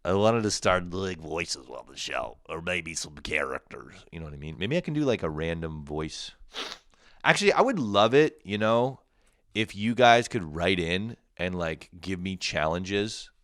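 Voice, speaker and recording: A young man hosting a crude solo comedy podcast, swearing freely, laughing at his own jokes and jumping into loud mock quotes. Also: deep voice, expressive, a little slow, no room sound, clean studio sound. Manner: profane, laughing, shifts into shouted mock quotes.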